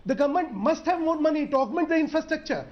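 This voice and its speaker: This Indian English-accented politician, a guest in a heated TV debate, talks fast with an extremely high pitch and lively intonation, insisting on completing his argument. The highs in the audio are cut off.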